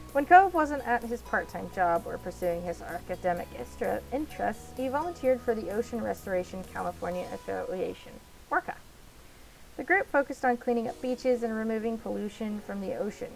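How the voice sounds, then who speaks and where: A woman's voice: mid-range voice, expressive, a little fast, vocal fry, faint music behind, rough recording. A woman reading a visual novel aloud as a let's play narrator, in the second person.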